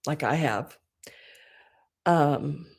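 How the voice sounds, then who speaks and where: A woman hosting an online live sale, tearful and crying, talking haltingly and often dropping to a whisper. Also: low voice, vocal fry, a little mellow, husky. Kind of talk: emotional live-stream chat.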